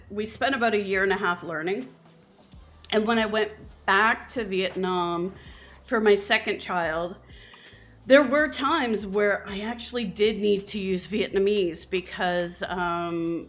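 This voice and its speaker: Canadian woman game streamer, unhurried and chatty, medium pitch, laughs a lot. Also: fairly bright tone. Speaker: live streamer. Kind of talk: casual chat while streaming a game.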